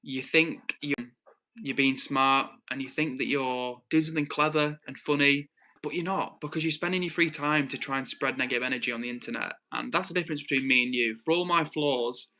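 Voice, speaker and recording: Bright-voiced Northwest English man streaming. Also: medium pitch, brisk. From Northwest England. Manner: calm, earnest, lecturing a troll with frequent restarts. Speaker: livestream host. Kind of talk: live stream chat reading.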